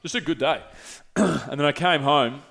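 A man's voice: a little high, moderate pace, gravelly, fairly bright tone. A young man, hosting a casual chat and telling a story candidly, with frequent swearing and restarts. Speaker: podcast host.

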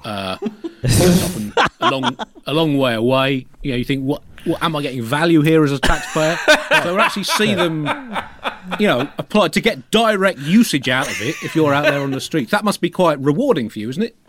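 A man's voice: a little high, big pitch swings, moderate pace, fairly bright tone, a little hiss or hum. A man co-hosting a comedy podcast, rambling with fillers and self-amused asides. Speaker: co-host. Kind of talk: comic podcast banter and mock scripture reading.

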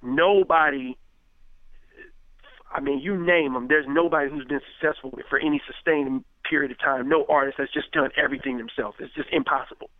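A rapper from Richmond, California, talking casually as an interview guest, rambling and filling with "you know what I mean.". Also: male voice, fairly high pitch, fairly even intonation, a little fast, no echo. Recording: tinny phone-like line, dry.

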